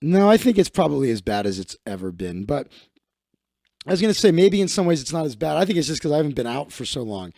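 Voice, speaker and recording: A high-pitched man from Chicago rants casually on his livestream, his voice leaping around with a gravelly rasp. He swears freely and acts out other people. The sound is dry and close. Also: big pitch swings, quick pace, warm tone, no room sound. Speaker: livestream host. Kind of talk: casual comedic rant.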